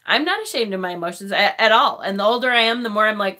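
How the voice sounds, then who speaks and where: A woman's voice: medium pitch, lively intonation, fast talker, bright, forceful tone. A woman in her forties chatting on a live stream, emotional and tearful, laughing and swearing often. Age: 40s. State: crying. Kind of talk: casual live-stream chat. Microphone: phone.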